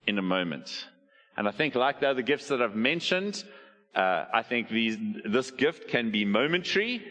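A middle-aged man, preaching a sermon as a pastor, telling stories and putting questions to the congregation. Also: medium pitch. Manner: animated storytelling, asks the audience questions. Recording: long hall reverb.

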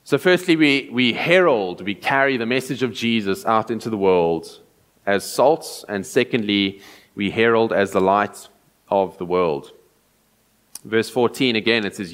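Man, sermon, low voice, earnest, repeats his points. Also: unhurried, a bit bright. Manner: earnest, repeats key phrases for emphasis. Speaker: preacher.

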